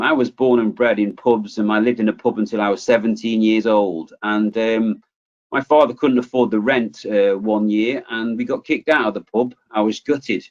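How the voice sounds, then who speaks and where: A man, giving a motivational webinar talk in a chatty, lively way and telling personal stories. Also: on the low side. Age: 40s. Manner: chatty, lively, acts out quoted voices. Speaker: webinar presenter. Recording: slightly muffled webinar audio.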